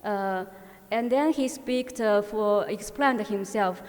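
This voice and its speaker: Woman, conference presenter, mid-pitched, halting delivery full of fillers, long hall reverb. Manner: halting, frequent filler pauses and restarts. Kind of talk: academic conference talk.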